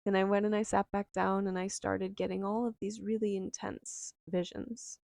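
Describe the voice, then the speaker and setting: A young woman slowly and softly telling a personal memoir, reflective and unhurried, with lingering pauses. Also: medium pitch, little pitch movement, creaky, dry recording, studio quality. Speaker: storyteller.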